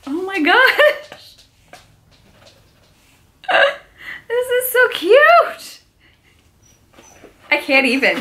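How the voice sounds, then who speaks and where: A young woman unboxes a pile of gifts for her vlog, her high, bright voice leaping up into squeals of delight. She talks at an unhurried pace between gushing exclamations, with a faint hiss of noise in the background. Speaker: vlogger.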